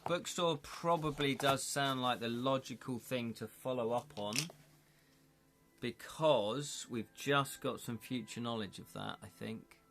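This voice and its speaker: A live stream host reads through a gamebook, chatting and cracking jokes with viewers, responding to chat and laughing often. He has a medium-pitched, unhurried voice that's a bit bright.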